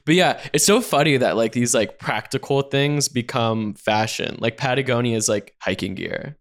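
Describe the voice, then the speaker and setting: A young man co-hosting a podcast in casual chat, rambling and animated, full of "like" and casual swearing. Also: medium pitch, moderate pace. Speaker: podcast co-host.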